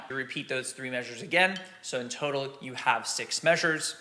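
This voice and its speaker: A man's voice: medium pitch, brisk, hardly any pauses, very noisy. A man explaining drum exercises patiently and counting beats aloud as a teacher. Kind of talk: instructional drum lesson.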